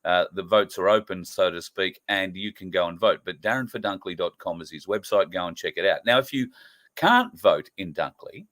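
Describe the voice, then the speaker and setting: Brief: middle-aged Australian male host, lowish voice, earnest, emphatic political monologue with plenty of uhs. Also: expressive, moderate pace, fairly bright tone. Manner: earnest, emphatic, with frequent fillers.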